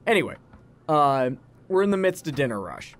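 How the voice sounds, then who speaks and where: A man co-hosting a let's play with a slightly high-pitched voice, chatting casually while he plays. He tells stories in a rambling, anecdotal way. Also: big pitch swings, normal speed, fairly bright tone. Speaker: co-host of a let's play channel. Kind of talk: casual gaming chat, storytelling.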